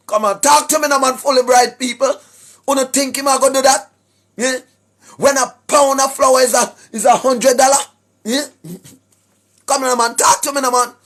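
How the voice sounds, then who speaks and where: A man with a Jamaican accent preaching to online viewers in a sing-song, rhetorical way, often asking "right?" and clearing his throat. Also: very high voice, fairly bright tone. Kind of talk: preachy livestream address to viewers. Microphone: speaking straight to a camera or phone.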